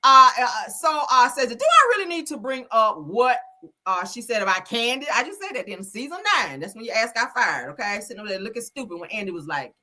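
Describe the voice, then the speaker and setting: Sassy, animated woman gossip host. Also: fairly high pitch, brisk. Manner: sassy, animated, acts out quotes in voices; swears freely, chatty slang. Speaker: celebrity gossip streamer. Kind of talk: casual commentary.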